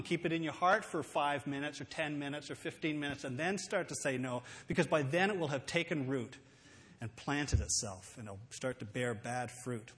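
A man preaching a sermon, earnest and emphatic, slowing down to read scripture aloud. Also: fairly high pitch, fairly bright tone. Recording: long hall reverb.

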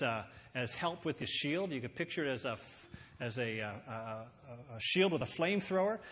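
A man preaching a sermon, earnest and emphatic, slowing down to read scripture aloud. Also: fairly high pitch, fairly bright tone. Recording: long hall reverb.

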